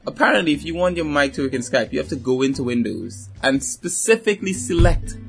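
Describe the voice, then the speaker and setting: A man chatting casually on a podcast, telling a story with lively acted-out voices, swearing now and then and laughing often. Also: mid-range voice, fairly quick, vocal fry, faint music behind. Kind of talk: casual chat.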